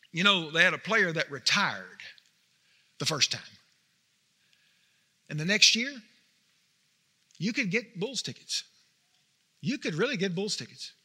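High bright preacher guy, animated storytelling sermon, big echoey church. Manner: animated storytelling preacher, rising to emphatic peaks. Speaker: pastor.

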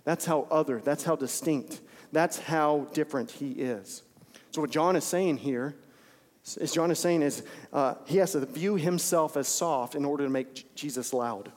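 A man's voice: a little high, moderate pace. A man preaching an informal, conversational sermon, repeating phrases for emphasis. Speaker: pastor. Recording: long hall reverb.

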